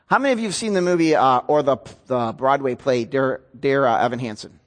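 A man, a pastor preaching a sermon in an earnest, storytelling way. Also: medium pitch. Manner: earnest, storytelling with rising emotion.

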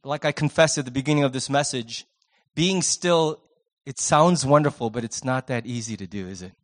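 A middle-aged man preaching a sermon as pastor, swinging between loud emphasis and soft, hushed passages. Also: medium pitch, normal speed. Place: church sanctuary.

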